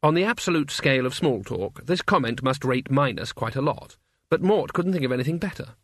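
A man narrating an audiobook in a measured, dry storytelling manner. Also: medium pitch, expressive, no echo. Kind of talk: scripted narration.

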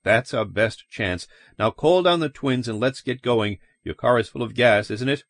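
A man's voice: medium pitch, moderate pace, no echo, natural voice. A man voicing a tense, urgent middle-aged husband and father in an audiobook, talking in an insistent, commanding way. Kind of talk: audiobook character voice.

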